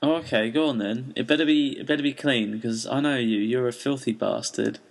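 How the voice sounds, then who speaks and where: A man's voice: mid-range voice, fairly quick, vocal fry. Male comedy co-host, playful and teasing, everyday voice. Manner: playful, teasing, laughs a lot. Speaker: podcast co-host. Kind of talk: casual comedy chat.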